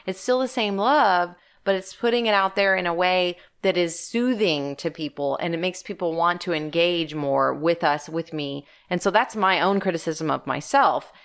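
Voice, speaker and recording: A woman's voice: lowish voice, moderate pace, few pauses, smooth. A woman co-hosting a podcast in casual chat, talking with passion and telling stories. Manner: passionate, animated storyteller. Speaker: podcast co-host.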